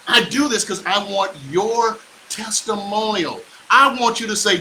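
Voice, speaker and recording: A man working as a real estate coach, delivering a hyped, boastful motivational pitch full of slang. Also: moderate pace, bright, forceful tone, a little hiss or hum, poor audio.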